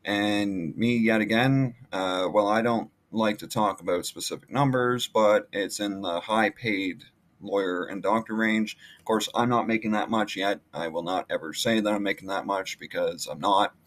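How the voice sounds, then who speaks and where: A man's voice: on the low side, fairly even intonation, moderate pace, a bit bright. A man talking casually through his marketing emails, rambling with many fillers and restarts. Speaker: online marketing vlogger. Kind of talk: casual screen-share walkthrough.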